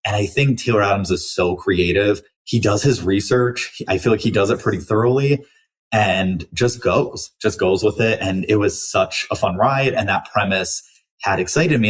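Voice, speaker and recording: A man's voice: lowish voice, moderate pace, slightly rough. A young man hosting a book podcast, chatting casually through a review with lots of likes and restarts.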